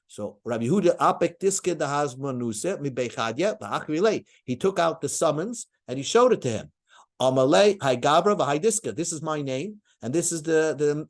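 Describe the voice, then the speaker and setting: A man giving a Talmud lecture, reading each line of the passage and then explaining it in plain words, often stopping to restart. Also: on the high side. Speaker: Talmud teacher. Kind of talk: Talmud lecture, translating as he reads.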